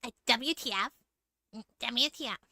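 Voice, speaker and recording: A woman voicing a gross, slimy young man in a game, with a deliberately sludgy, drawling, dismissive voice. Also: a little high, sharp tone, no room sound, studio quality, voice pushed down, heavily acted. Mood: mocking. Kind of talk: game voice-acting on stream.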